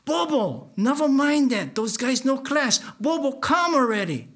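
A frustrated young boy who snaps at his friend in Hawaiian Pidgin, voiced by a man. The strained, scolding voice sits well above his own pitch and carries loudly. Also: sing-song, measured pace, exaggerated voice.

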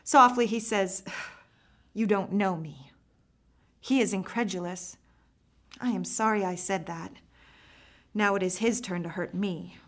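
A woman narrating a first-person story, her reading earnest and reflective. Her phrasing is expressive and follows the inner thoughts of the teller. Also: medium pitch, moderate pace.

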